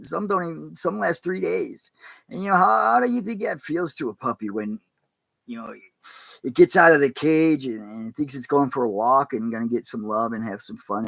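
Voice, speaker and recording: A man who is a pastor, talking in a casual, rambling and halting way on a livestream. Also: mid-range voice, animated, vocal fry, a bit bright, no echo.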